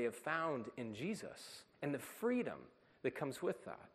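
A man's voice: mid-range voice, big pitch swings, measured pace. A man preaching a sermon as a pastor, in an earnest, emphatic way. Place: church sanctuary. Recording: long reverb of a church hall.

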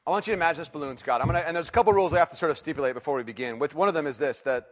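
A middle-aged male pastor delivers a sermon to a church congregation. He tells personal stories with lots of restarts and swings from quiet, low reflection up to loud, pleading questions. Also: rapid-fire. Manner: animated storytelling, restarts and rising emphatic questions. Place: church service.

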